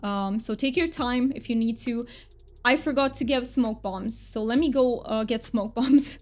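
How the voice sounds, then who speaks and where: A woman's voice: fairly high pitch, unhurried, darkish tone. A woman game streamer chatting casually with her viewers and thanking them often. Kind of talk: casual live-stream chat. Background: faint background music.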